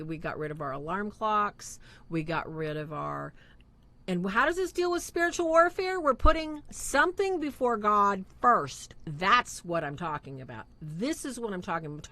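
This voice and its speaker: A middle-aged woman co-hosts a live religious talk show. She speaks in an emphatic, preachy way, her pitch ranging widely as she piles up rhetorical questions. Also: pushed and bright. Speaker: co-host of a faith show.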